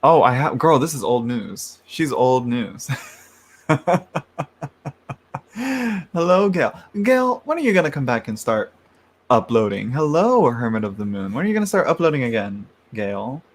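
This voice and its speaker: A man's voice: medium pitch, sing-song, measured pace. Chatty man rambling on a livestream. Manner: chatty, rambling, laughs often, greets viewers by name. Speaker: tarot livestream host. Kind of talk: casual livestream chat. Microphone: large microphone.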